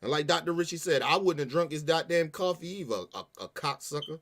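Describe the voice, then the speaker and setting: Profane ranting man, higher-pitched voice. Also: quick pace. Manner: profane, animated, emphatic ranting. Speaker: podcast host. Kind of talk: heated casual commentary.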